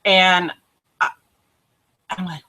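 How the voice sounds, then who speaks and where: A woman hosting her own show, telling a personal testimony in an animated way, laughing often and acting out what people said. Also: on the low side, very slow. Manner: animated, laughs often, acts out quoted voices. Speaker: host.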